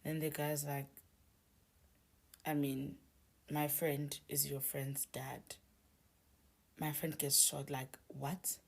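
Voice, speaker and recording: A woman telling a confessional story in a hushed, often near-whispered voice, hesitant and full of restarts. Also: low-pitched, level tone, slow, vocal fry, pauses often.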